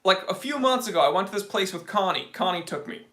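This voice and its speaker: A man's voice: high-pitched, quick pace. A young man hosting a casual livestream, telling a story as a comic rant and talking to viewers by name. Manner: animated comic ranting. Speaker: livestream host.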